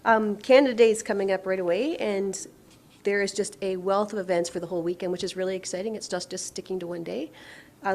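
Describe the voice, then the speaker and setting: A woman's voice: mid-range voice, darkish tone, slight background noise. A woman councillor giving an upbeat, enthusiastic report at a council meeting.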